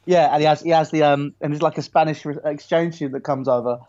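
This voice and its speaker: Young man, rapid eager football chat, slightly higher voice, dull dry mic. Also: no echo. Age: young adult. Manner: quick, eager, excitable. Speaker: podcast co-host.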